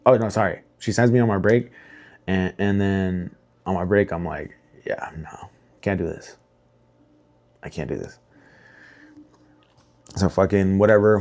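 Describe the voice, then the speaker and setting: A young man with a very low voice talks straight to his audience, telling his story in a loose, rambling way. He swears freely, restarts his sentences and fills the gaps with "like", and he speaks openly about what he felt. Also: a little mellow. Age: young adult. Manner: rambling, heavy swearing, lots of fillers and restarts; emotional, candid. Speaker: vlogger. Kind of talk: casual storytelling to camera.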